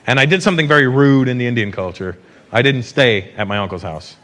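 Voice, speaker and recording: A North American man telling stories in a stand-up routine, chatty and animated, with asides to the audience. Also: mid-range voice, fast. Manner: conversational, animated storytelling with asides. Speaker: stand-up comedian. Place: theater stage before a live audience. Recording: live recording with loud crowd and room noise.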